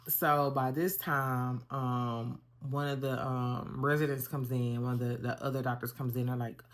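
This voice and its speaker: A young woman vlogger telling a personal story in a casual, animated way, talking straight to her viewers. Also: a bass voice, moderate pace, hardly any pauses. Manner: animated, conversational, addresses viewers as y'all.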